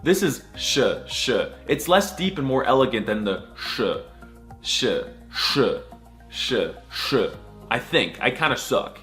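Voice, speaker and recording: Brief: man, comedy video creator, mock alphabet lesson, very lively swooping pitch, faint music behind. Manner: sarcastic, jokey, drawn-out letter sounds.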